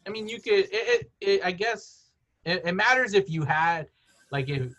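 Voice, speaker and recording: Bright-voiced man rambling through stories. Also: high-pitched, animated, moderate pace. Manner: rambling storyteller, many "like"s, laughs often. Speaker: podcast host. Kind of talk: casual chat.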